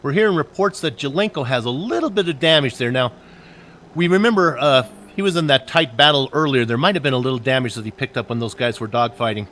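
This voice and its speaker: A man's voice: medium pitch, quick pace, fairly bright tone, slight background noise. A man doing casual, joking color commentary on a sim race, chatty and full of asides.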